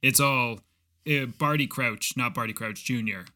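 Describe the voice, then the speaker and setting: A man in casual podcast chat, explaining in halting, rambling sentences. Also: medium pitch, pushed and bright. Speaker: podcast co-host.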